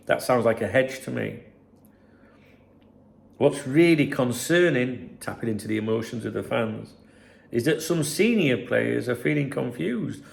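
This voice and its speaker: A man's voice: mid-range voice, vocal fry. A man hosting a football channel, talking casually and mocking press claims in a rambling, sarcastic way. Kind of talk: casual commentary to camera.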